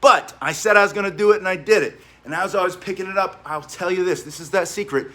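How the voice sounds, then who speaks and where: A man coaching a workout in an indoor gym, talking in an energetic, chatty way and laughing as he tells stories between exercise directions. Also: high voice, quick pace. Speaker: fitness coach. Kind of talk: spoken workout instruction with war stories.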